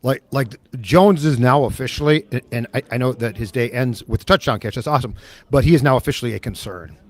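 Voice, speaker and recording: A man's voice: medium pitch, fast talker. A man co-hosting a sports talk podcast, emphatic and firm in his points. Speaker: podcast co-host.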